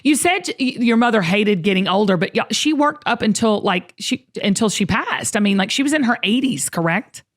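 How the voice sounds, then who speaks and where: A woman's voice: medium pitch, lively intonation, normal speed, few pauses. A woman in her fifties hosting an interview, chatty and full of restarts. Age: 50s. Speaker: podcast host. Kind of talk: interview conversation.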